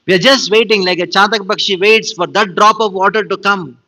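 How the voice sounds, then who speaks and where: A man's voice: high-pitched, steady tone, a little fast, bright, forceful tone, poor audio. A man giving a devotional scripture class, telling the story with emphasis and animation.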